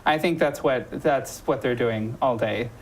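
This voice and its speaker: A woman's voice: a bass voice, unhurried, darkish tone, slight background noise, poor audio. A woman hosting a local talk show, chatting casually with lots of ums and restarts. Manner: chatty, many ums and self-corrections. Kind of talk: casual promotional chat.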